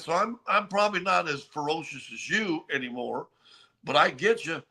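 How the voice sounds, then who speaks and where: An older man tells sports stories on a talk show, his voice pitched a little high and strikingly bright and forceful. He is animated and keeps restarting his sentences with repeated words. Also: moderate pace. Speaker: co-host.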